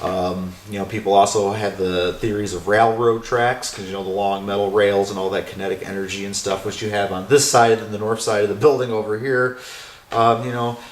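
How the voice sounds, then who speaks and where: A man's voice: on the low side, flat delivery, brisk, a little hiss or hum. A man who owns an old school building, answering interview questions in a rambling, casual way with lots of fillers. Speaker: owner of a haunted former school. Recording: roomy echo with faint music.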